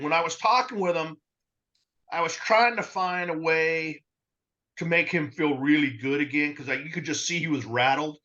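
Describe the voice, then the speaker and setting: Guy spinning a work story, bright forceful voice, kinda dull lo-fi sound. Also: on the high side. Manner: animated storyteller, acts out dialogue. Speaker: rug cleaning business co-host. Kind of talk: casual storytelling.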